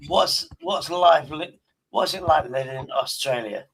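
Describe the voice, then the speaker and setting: Brief: gravelly-voiced male streamer, teasing and deadpan, stumbling through restarts. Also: fairly high pitch, a little slow, a little hiss or hum, low-quality recording. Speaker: streamer host. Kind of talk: casual stream banter.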